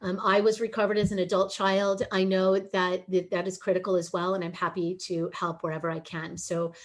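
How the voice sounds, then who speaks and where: A woman's voice: fairly low pitch, flat delivery, a little fast. A middle-aged woman giving a webinar presentation over a video call, earnest and emotional, pleading at times.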